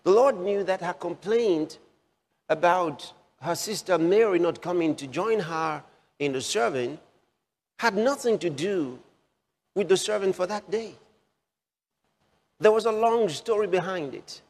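A male preacher delivers a sermon at a very slow, deliberate pace, leaning hard on repeated phrases. His voice sits a little high for a man and rings with the long reverb of a large hall. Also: lively intonation.

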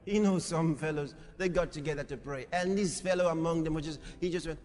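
A man preaching a sermon, moving from quiet storytelling to shouted exhortation. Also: on the high side, brisk, few pauses, big-room sound, faint music behind.

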